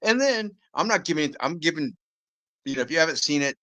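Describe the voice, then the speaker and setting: A man's voice: fairly high pitch, animated, a little fast, bright, forceful tone, no room sound. A man co-hosting a podcast, giving a blunt, rambling, laid-back movie review. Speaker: podcast co-host. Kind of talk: casual movie review chat.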